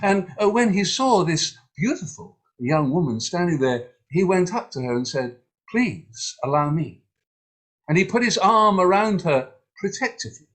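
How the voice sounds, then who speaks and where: A man's voice: sits high, big pitch swings, moderate pace, few pauses, a bit bright. A man telling a humorous folk tale and hosting an online story event, playful and full of mock drama, heard over a video call.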